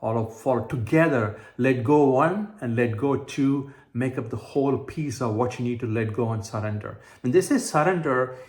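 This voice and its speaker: A man's voice: medium pitch, moderate pace, few pauses, a little mellow. A man giving an earnest, repetitive motivational self-help talk, explaining his ideas through everyday examples with frequent fillers and restarts. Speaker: manifestation coach. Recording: roomy echo.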